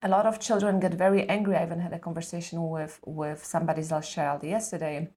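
A woman's voice: on the low side, little pitch movement, fast talker, warm tone. A middle-aged woman speaking as a parenting expert guest in an earnest, conversational coaching manner, often checking in with "correct?" and "right?".

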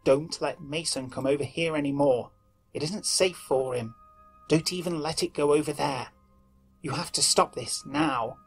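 A man's voice: on the high side, unhurried, breathy edge, soft background music. A man voicing a terrified husband on the phone, pleading and cracking under strain. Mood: urgent. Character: frantic, terrified middle-aged husband on the phone.

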